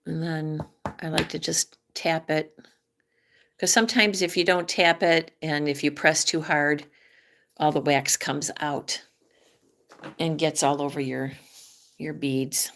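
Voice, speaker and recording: Slow, soft-spoken woman. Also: low-pitched, fairly even intonation, creaky. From Michigan. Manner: soft-spoken, drifting into near-whispers. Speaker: vlogger. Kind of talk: casual crafting chat.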